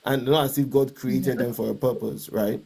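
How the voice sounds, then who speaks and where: A man talks through a personal dream and what it taught him about marriage, pausing and restarting as he reflects. His voice is gravelly and husky, with a dark, mellow color. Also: mid-range voice, fairly even intonation. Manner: hesitant, reflective storytelling with restarts. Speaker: guest. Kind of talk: personal testimony in conversation.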